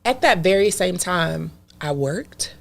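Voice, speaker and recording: A woman with a low, gravelly voice tells her story on a podcast. Her delivery is emphatic and animated, with plenty of fry in her tone, and she speaks in a casual, conversational way. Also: takes it slowly. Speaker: podcast guest.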